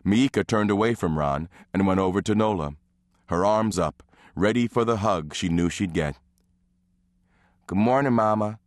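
A man narrating an audiobook in a measured, even reading. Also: deep voice, no room sound, studio quality. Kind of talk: scripted narration.

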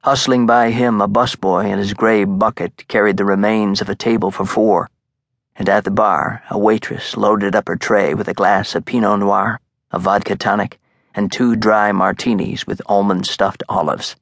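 A man reading a thriller audiobook in a measured, suspenseful narration. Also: fairly low pitch, steady tone, creaky, no room sound. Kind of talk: scripted narration. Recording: dry, close studio sound.

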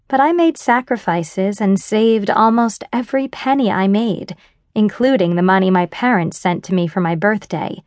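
Casting: female romance narrator, first person, wry, slow and deliberate, dry close mic. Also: medium pitch, darkish tone, no room sound. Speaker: audiobook narrator. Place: dry studio booth. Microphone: close studio mic.

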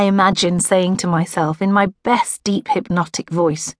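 A woman's voice: fairly low pitch, fairly even intonation, measured pace, few pauses, no room sound, studio quality. A woman narrating a first-person audiobook in a wry, sardonic inner-monologue manner. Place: recording studio.

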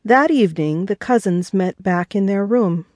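A woman, the author, narrating her own children's audiobook in a measured way. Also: medium pitch, animated, darkish tone, no room sound, clean studio sound. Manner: slow, measured reading.

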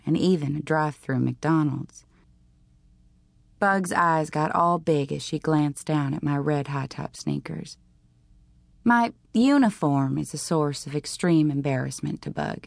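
A woman reads a teen novel aloud in the first person, with a low, gravelly voice. Her delivery is dry and deliberate with a wry edge, and the recording is close and dry with no room sound. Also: no echo. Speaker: audiobook narrator.

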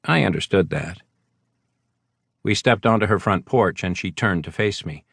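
A man reading a first-person novel as an audiobook narrator, measured and wry. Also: sits low, expressive, gravelly, a bit bright, slightly rough, no echo, studio quality.

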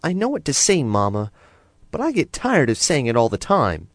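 A man's voice: medium pitch, huge pitch swings, moderate pace, no room sound, clean studio sound, pitched above the performer's own voice. A man doing a cranky little girl. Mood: sulky. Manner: grumbling, whiny.

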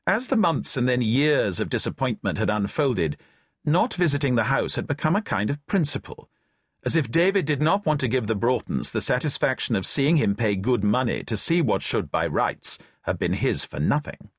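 A middle-aged audiobook narrator with a mid-range, breathy-edged voice reads a novel at a moderate pace, very animated throughout. He tells the tale drily and wryly, lightly voicing each character. The close studio mic in a dry booth leaves no echo.

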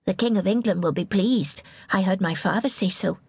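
A woman voicing a solemn, timid little girl who speaks quietly and in a measured way. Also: mid-range voice, breathy edge, no echo.

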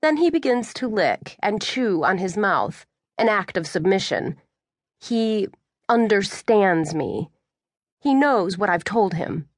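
A woman reading a first-person audiobook in a measured storytelling way. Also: mid-range voice, dry recording, studio quality. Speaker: audiobook narrator.

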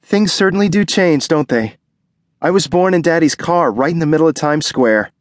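A man voicing an anxious young pregnant wife in an audiobook, speaking softly and pleadingly. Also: a little high, animated, normal speed, no room sound, pitched above the performer's own voice, close to an everyday voice. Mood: worried. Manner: pleading, soft and worried. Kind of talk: audiobook character voice.

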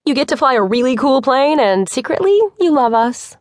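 A woman narrator playing a brisk, teasing young woman boss. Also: fairly high pitch, very animated, no echo, studio quality.

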